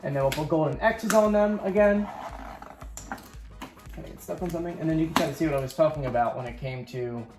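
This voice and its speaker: A man's voice: on the high side, fast talker, music in the background. A man hosting his own channel, walking viewers through a homemade game board in a chatty, upbeat way, with rambling asides. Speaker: YouTube host. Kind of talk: casual show-and-tell walkthrough.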